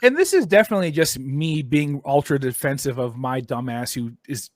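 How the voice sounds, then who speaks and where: A man's voice: mid-range voice, expressive, normal speed, no room sound, studio quality. A man co-hosting a casual stream, ranting bluntly with a lot of profanity. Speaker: co-host.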